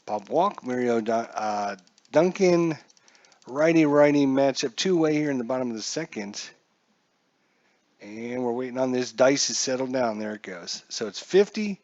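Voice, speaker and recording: A man's voice: mid-range voice, lively intonation, normal speed, darkish tone, dry recording, muffled recording. A man calling a solo tabletop dice baseball game in a casual play-by-play, chatty and jokey, talking to himself as he checks his charts.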